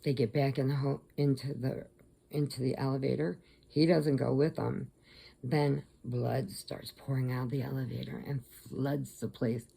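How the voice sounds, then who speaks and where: A woman with a deep, gravelly voice chats to camera from her crafting room at home. Her dark, mellow tone carries a rambling retelling that is full of restarts. It sounds like a cozy home vlog. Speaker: crochet vlogger. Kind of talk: casual storytelling to camera.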